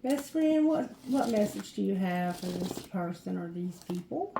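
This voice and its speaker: A woman's voice: medium pitch, lively intonation, unhurried, gravelly, warm tone, echoey room, slight background noise. A woman giving a chatty tarot card reading, effusive and laughing often. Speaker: tarot reader.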